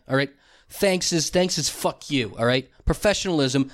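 A man's voice: fairly high pitch, normal speed, fairly bright tone. A young man hosting his own show alone, ranting in a rambling, profane way and mimicking people with a raised voice. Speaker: podcast host. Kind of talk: solo comedic rant.

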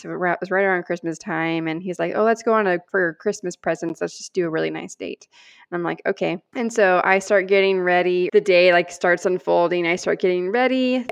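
A woman co-hosting a podcast, telling a personal story in an animated, earnest way and acting out the lines she quotes. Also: on the low side. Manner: animated storyteller, acts out quoted prayers and dialogue; earnest and heartfelt. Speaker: podcast co-host.

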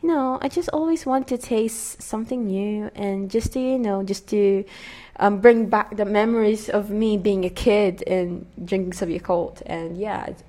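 Speaking in an unhurried, medium-pitched voice, a young podcast host talks casually on her own show. She is earnest and soft-spoken, laughing lightly and often, and she rambles with lots of fillers and restarts. Her British accent is layered over an American-style base.

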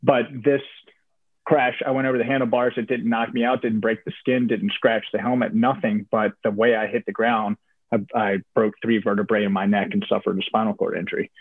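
A man's voice: on the low side, fairly quick, breathy edge, no echo. Man telling his story over a tinny line. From Virginia, US. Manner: relaxed, many fillers and restarts. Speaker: interview guest. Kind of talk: casual storytelling interview. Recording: tinny phone-like audio, dry.

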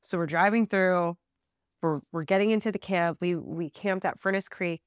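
A woman guest on a podcast, telling a trip story in a casual, animated way with fillers and bursts of laughter. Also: lowish voice, normal speed, no echo, clean studio sound. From Southern California.

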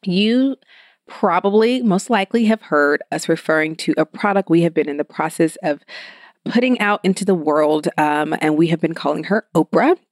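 An energetic woman hosts her own podcast, chatting in a lively, upbeat way. Her voice sits fairly low for a woman. She is recorded close and dry, with no room sound. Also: normal speed, no echo. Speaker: podcast host. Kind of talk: solo business podcast talk.

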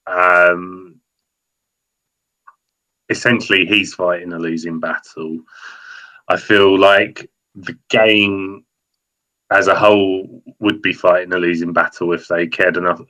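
Hesitant man, lowish voice. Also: fairly bright tone, rough recording. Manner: hesitant, thinking aloud with many ums. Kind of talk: casual football podcast chat.

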